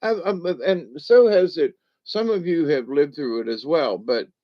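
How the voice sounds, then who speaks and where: A man in his seventies with a slightly raised pitch talks in a slow, unhurried drawl. He chuckles often and rambles with restarts, hosting a casual livestream. The sound is dull and lo-fi. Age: 70s. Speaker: livestream host reading chat.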